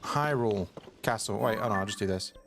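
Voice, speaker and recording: A man's voice: on the low side, a little fast, background noise. A young man streaming a game live, annoyed and ranting at a viewer in chat, repeating himself as he talks. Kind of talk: live gameplay commentary. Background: game music.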